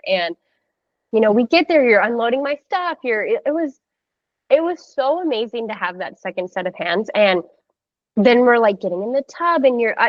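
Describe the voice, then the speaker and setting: A woman in her thirties telling her birth story in a casual, animated way, full of "like" and acted-out quotes. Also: fairly high pitch, no room sound, dull audio. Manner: animated, heavy use of "like", acts out quoted voices. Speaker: podcast guest sharing a birth story.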